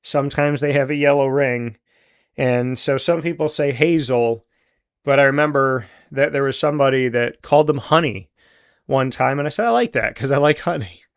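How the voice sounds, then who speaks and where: Heartfelt, halting man in his forties. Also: medium pitch. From central New York. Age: 40s. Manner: heartfelt, halting, openly emotional. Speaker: host. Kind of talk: casual talk show monologue.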